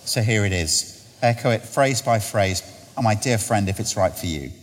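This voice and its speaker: A man preaching a sermon in a church, telling humorous stories and then slowing down to lead an earnest prayer. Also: fairly low pitch, animated. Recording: echoey church hall with long reverb.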